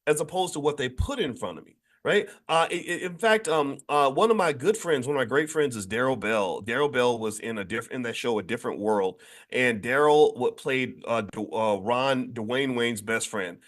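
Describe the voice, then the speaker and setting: A man hosting a daily show, speaking unscripted to his audience at a middle pitch. He is emphatic and preachy, breaks off and restarts his sentences, and his voice leaps up sharply whenever he drives a point home. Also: animated, normal speed. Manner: asks listeners to agree. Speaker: host of a daily finance show. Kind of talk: unscripted monologue to an online audience.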